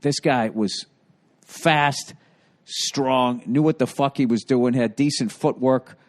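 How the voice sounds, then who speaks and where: A man's voice: mid-range voice, slow. A man hosting a podcast, telling stories in a casual comedic monologue, with profane, rambling delivery. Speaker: podcast host.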